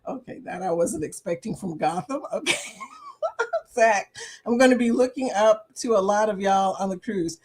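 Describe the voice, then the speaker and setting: A woman's voice: medium pitch, sing-song, moderate pace, a little mellow, slightly rough. An older woman hosting a casual livestream chat, reading viewer comments aloud and laughing often between remarks. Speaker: livestream host.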